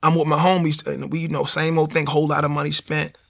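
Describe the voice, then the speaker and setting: A man telling his personal testimony in an animated street style, acting out the voices. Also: a little high, fast talker, vocal fry. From Baltimore, USA. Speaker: speaker giving a testimony.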